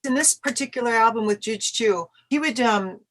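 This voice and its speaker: A middle-aged woman from Canada talks through her memories in a relaxed interview. She tells stories with energy, slipping into little acted-out voices for the people she quotes. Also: on the high side, moderate pace. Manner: animated storyteller, acts out quoted voices. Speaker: musician guest. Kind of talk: casual interview answers.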